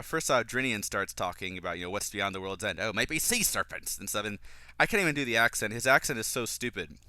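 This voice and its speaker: A man giving casual fan commentary on a film, opinionated and quick to get exasperated. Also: mid-range voice, sharp tone, smooth, no echo. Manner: opinionated, flares into exasperated ranting.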